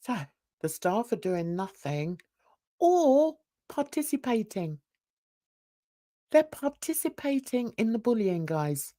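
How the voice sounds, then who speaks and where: Slow, lively woman commentator. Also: on the high side. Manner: emphatic, opinionated, scornful. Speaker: host. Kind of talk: drama commentary chat.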